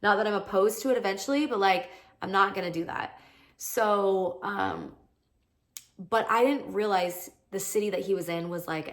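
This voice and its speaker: A woman in her thirties hosts her own podcast and tells a personal story in a loose, conversational monologue. She speaks in a middle pitch, strings her thoughts together with frequent "like" fillers, and slips into quoted lines as she goes. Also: a bit bright. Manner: chatty, peppered with "like", acts out quoted lines. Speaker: podcast host.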